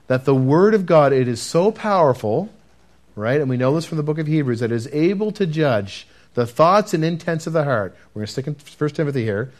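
A man preaching a sermon and telling his testimony earnestly, talking straight to the congregation and dropping to a hush at key moments. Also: a little high, expressive, brisk. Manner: earnest, addresses listeners directly, swings from loud to hushed.

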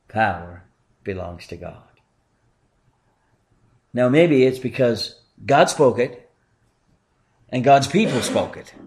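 Man, pastor, sermon, earnest, emphatic then hushed, mid-pitched.

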